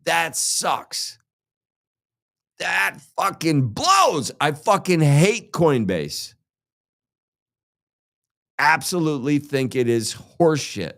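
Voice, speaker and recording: A man's voice: on the high side, big pitch swings, takes it slowly, creaky, pauses often, fairly bright tone. A man hosting a crypto show, ranting heatedly and sarcastically with constant swearing. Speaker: crypto podcast host. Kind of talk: profane ranting monologue.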